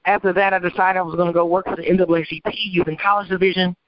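A woman attorney from Michigan telling her life story as an interview guest, animated and acting out the people she quotes. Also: on the low side, very fast. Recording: dull, dry lo-fi recording.

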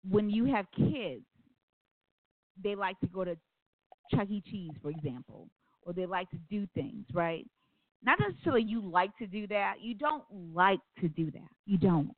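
A woman with a mid-range voice and lively intonation hosts a call-in radio talk show at a moderate pace. She tells stories earnestly, drifting into rambling asides, and the dry recording sounds phone-like.

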